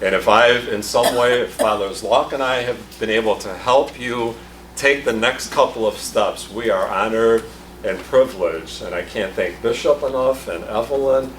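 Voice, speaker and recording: A man's voice: medium pitch, normal speed, a bit bright, a little hiss or hum. A man giving an upbeat, conversational keynote talk to a conference audience. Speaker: keynote speaker. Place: large conference hall. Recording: echoey hall, mic from a distance.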